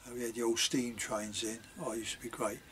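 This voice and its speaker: Older man, storyteller; chatty, digressive delivery in local dialect, mid-pitched voice. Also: level tone, quick pace, a bit bright, slight background noise. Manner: chatty, many fillers and asides, dialect grammar. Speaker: vlogger telling childhood memories. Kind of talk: rambling spoken reminiscence.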